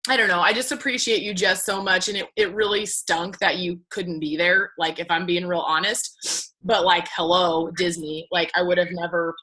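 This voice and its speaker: Bright-voiced woman, touched and rambling. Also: lowish voice, steady tone, moderate pace, low-quality recording. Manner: emotional, rambling with many "like"s. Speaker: team leader. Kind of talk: casual chat on a group call.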